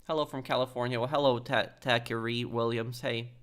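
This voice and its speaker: A man's voice: mid-range voice, steady tone, a little fast, a bit bright. A man live-streaming a video game, reading viewer messages aloud and answering them in a rambling, hesitant way with frequent ums and restarts.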